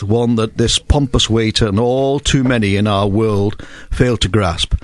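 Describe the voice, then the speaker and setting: English male author, lowish voice, dry close-miked wry book reading. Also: no echo. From England. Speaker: guest author.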